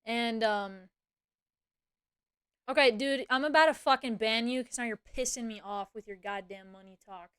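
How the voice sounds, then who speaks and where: A woman's voice: fairly high pitch, normal speed, fairly bright tone, smooth. A young woman streamer chatting casually, rambling through a story and swearing freely. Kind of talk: casual livestream chat.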